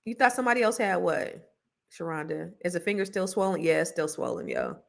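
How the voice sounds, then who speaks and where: Woman podcast host, middle-aged, chatty and off-the-cuff, lower voice. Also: sing-song, fairly quick, gravelly. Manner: chatty, rambling, laughs a lot, slangy. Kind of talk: casual chat with viewers.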